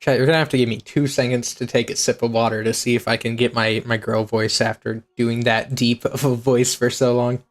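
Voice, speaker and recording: A woman's voice: rumbling low, flat delivery, fairly quick, hardly any pauses. A woman streaming a game, chatting playfully with her viewers and joking between reading lines aloud. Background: faint game music.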